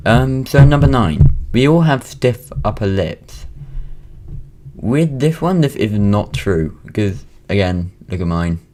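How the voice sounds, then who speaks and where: Recorded at home with a little hiss or hum, a young Welsh man in his late teens vlogs in a rambling, casual monologue with British-accented speech, plenty of ums and restarts. His lowish, darkish voice is expressive and unhurried.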